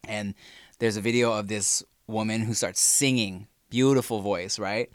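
A man in casual podcast chat, telling animated stories and mimicking voices. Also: on the low side, normal speed, no echo, studio quality. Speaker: podcast co-host.

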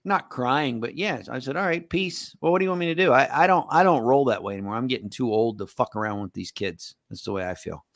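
A man's voice: mid-range voice, fast talker, hardly any pauses, a bit bright, no echo, clean studio sound. A middle-aged man co-hosting a sports betting podcast, talking in a blunt, rambling way and swearing freely. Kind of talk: casual chat.

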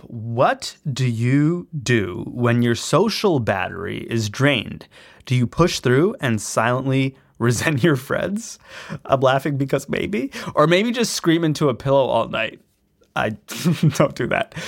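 A man's voice: mid-range voice, very animated, normal speed, creaky. A man reading a sponsor ad casually and playfully, laughing at himself. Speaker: host reading an ad. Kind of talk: casual ad read.

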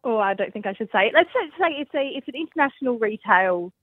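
A woman phones in to a radio show and tells her story with pauses and ums. Her voice sits slightly high and comes through a tinny, narrow phone line. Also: expressive, no room sound. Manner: hesitant, with many ums. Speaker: caller.

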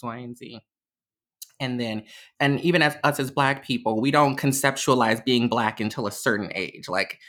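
Woman, young adult, podcast guest, casual storytelling, animated, laughing, bright forceful tone. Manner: animated, laughs often between phrases; acts out quotes in a much higher voice. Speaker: podcast guest, diversity educator.

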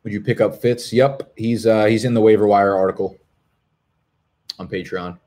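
Young new guy ranting on his stream, swears nonstop, kinda low voice. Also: steady tone, moderate pace, darkish tone. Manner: profane, rambling, swears constantly. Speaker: live stream host. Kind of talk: casual chat.

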